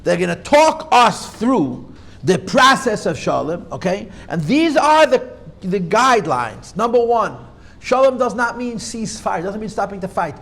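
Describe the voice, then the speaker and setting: Male rabbi lecturing a class; high, animated delivery, emphatic and insistent with students. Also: unhurried, vocal fry. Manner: emphatic, argues back and forth with students; repeats key points for emphasis.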